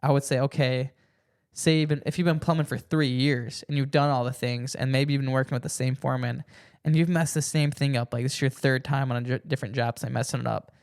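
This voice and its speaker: A man's voice: mid-range voice, fairly even intonation, fast talker, creaky, a little mellow. A young man hosting a casual podcast chat, rambling with restarts and acting out quoted lines. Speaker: podcast host.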